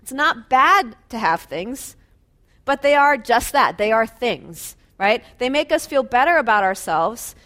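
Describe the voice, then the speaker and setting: A woman's voice: fairly high pitch, sing-song, a little slow, fairly bright tone. A woman preaching a sermon in a conversational way, asking listeners rhetorical questions and laughing lightly between phrases.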